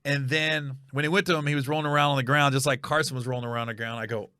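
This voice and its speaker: A man hosting a comedy podcast, telling a funny story with animated energy and loud reenactments. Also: very fast, clear, resonant tone, no room sound, studio quality. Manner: animated storyteller, bursts into high shouted yelling when reenacting.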